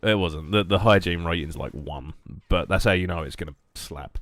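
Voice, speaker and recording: A young man streaming a game, rambling and joking casually while answering chat in a flat, monotone way. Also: moderate pace, no room sound, clean studio sound. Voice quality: low monotone voice. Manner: rambling, jokey, reacting to chat.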